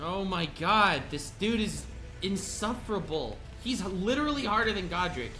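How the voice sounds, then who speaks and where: A man's voice: high-pitched, moderate pace. Young man raging over a boss fight. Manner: swings between mock-calm taunts and frustrated outbursts, talks to chat. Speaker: gaming video creator. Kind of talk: live gameplay commentary.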